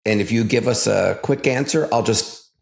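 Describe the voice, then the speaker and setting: A man with a fairly low voice hosts a casual health interview. He keeps a friendly, easy manner, asking his guest questions and agreeing with her answers. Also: normal speed, vocal fry. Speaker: doctor, show host.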